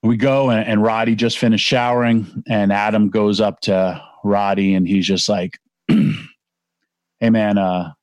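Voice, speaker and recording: A man's voice: on the low side, little pitch movement, normal speed, no echo, highs cut off. A man in his forties casually telling a long, emotional anecdote, rambling with restarts and acting out other people's voices.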